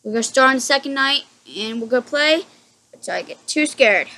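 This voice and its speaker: Scared woman gamer at home, high voice, jumpy and apologetic. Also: lively intonation, brisk, bright, forceful tone, slight background noise. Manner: jumpy, apologetic and easily frightened. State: frightened. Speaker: gaming channel host. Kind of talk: horror game commentary. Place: room at home, indoors.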